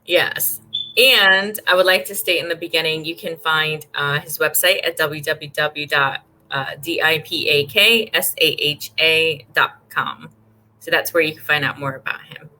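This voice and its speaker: Chatty woman host on a video call, laughs a lot, low-ish bright voice. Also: fairly even intonation, unhurried, slight background noise, poor audio. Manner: laughs often, chatty and upbeat. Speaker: podcast host. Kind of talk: casual video-call interview.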